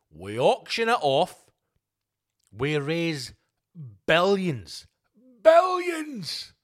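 A man hosts a solo podcast, ranting with heavy swearing and sarcasm and jumping between loud outbursts and low muttered asides.

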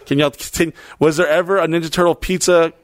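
A man's voice: a little high, fairly even intonation, fast talker, no room sound. A young adult man co-hosting a podcast, rambling profanely through crude comedic banter. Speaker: podcast co-host.

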